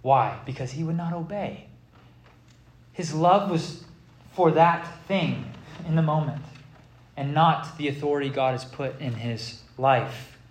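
A high-voiced male pastor delivering a lively, theatrical sermon, laughing as he retells scripture. His voice rings in an echoey room. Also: unhurried, pauses often.

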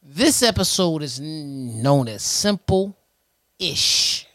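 Podcast co-host, man, 40s, easygoing and sing-song, fairly high voice, dry mic. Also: expressive, very slow, fairly bright tone, no echo. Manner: laid-back, playful, sing-song intros. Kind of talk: casual chat.

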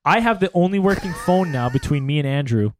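A man's voice: a little high, a little fast, a little hiss or hum. A man telling a story in casual chat, swearing freely and acting out what people said. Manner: profane, animated storytelling with acted-out quotes.

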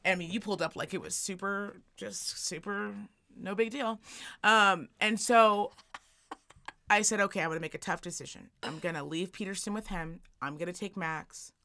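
A woman of medium pitch and moderate pace shares a long story while co-hosting a laid-back podcast. Animated, she voices the characters as she goes.

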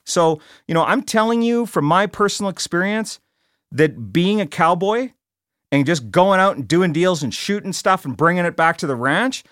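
A man's voice: fairly high pitch, fairly bright tone, dry recording. A middle-aged man hosting a podcast in a studio, talking bluntly and casually, often restarting and repeating words. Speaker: podcast host. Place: recording studio.

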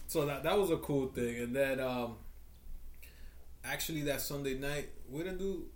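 A man's voice: mid-range voice, a little slow. Easygoing guy rambling through a trip story, kinda roomy sound. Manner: rambling, laid-back storytelling with fillers. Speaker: podcast co-host. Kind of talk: casual chat.

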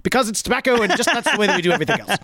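A man's voice: high-pitched, lively intonation, rapid-fire, sharp tone, no room sound, clean studio sound. A man voicing a stuffy, prim Englishman fussing over purity, in a mock posh English accent. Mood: haughty.

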